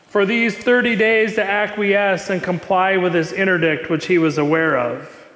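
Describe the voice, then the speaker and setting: A man with a high voice preaches a sermon, retelling the story with lively emphasis and repeated phrases. His voice rings through a reverberant hall, with a long echo trailing his words. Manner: animated storytelling with emphatic repetition.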